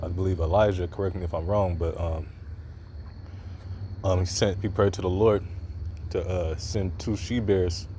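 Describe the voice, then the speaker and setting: Deep, dark-voiced man preaching loosely. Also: a little hiss or hum. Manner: informal, loose, many fillers and repeated "all right". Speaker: religious commentator. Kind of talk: preaching commentary on a video.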